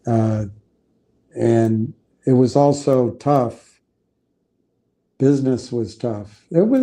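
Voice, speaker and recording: A man hosting a livestream, talking in a rambling, halting way with many restarts. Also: fairly low pitch, mellow. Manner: halting, meandering, frequent restarts. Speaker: livestream host. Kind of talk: rambling casual livestream talk.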